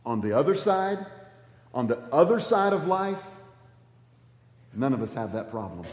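A man's voice: fairly high pitch, very animated, moderate pace, pauses often. Male preacher, emphatic sermon delivery, captured muffled with long hall reverb. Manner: emphatic preaching, swinging from loud to hushed. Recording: dull, echoey hall sound.

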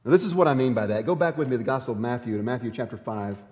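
Man, pastor, emphatic sermon, dramatic swings, warm low tone, long hall echo. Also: very fast, lo-fi sound. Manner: emphatic preaching with dramatic swings in pitch and volume.

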